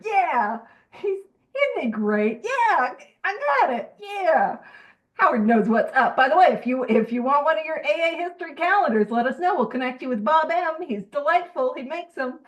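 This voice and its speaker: A woman's voice: on the high side, recorded from a distance, poor audio. Chatty woman leading a study group. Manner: chatty, digressive, self-deprecating. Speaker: co-host of a recovery book study group. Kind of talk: casual group discussion.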